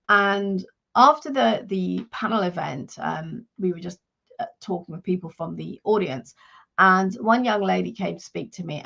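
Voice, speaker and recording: A woman's voice: fairly low pitch, vocal fry, muffled recording. A woman career coach giving earnest advice in a live-streamed talk, often restarting her sentences and using fillers.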